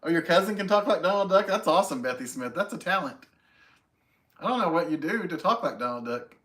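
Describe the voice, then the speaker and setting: A man's voice: a little high, expressive, fairly quick, a bit bright. A man hosting a casual live stream at home, greeting viewers by name and chatting in a friendly, self-deprecating way. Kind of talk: casual chat reading viewer comments.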